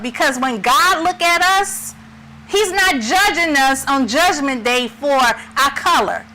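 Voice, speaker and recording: A middle-aged woman co-hosting a talk show, speaking slowly and emphatically with emotion. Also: high-pitched, expressive, bright, forceful tone, a little hiss or hum, poor audio. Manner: slow, emphatic and tearful. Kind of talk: impassioned discussion.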